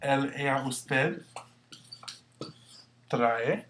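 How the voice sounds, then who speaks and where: A man teaching a Spanish lesson, explaining slowly and patiently with some fillers. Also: mid-range voice, fairly bright tone, a little hiss or hum. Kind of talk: recorded classroom lesson.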